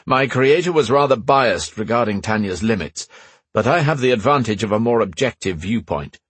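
A man voicing a calm, matter-of-fact male artificial intelligence who talks in a measured, analytical way. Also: mid-range voice, breathy edge, no room sound.

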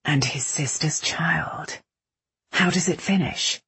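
Brooding protective young man, as a woman reads him, low, husky mutter. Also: takes it slowly, a bit bright, dry recording, exaggerated voice.

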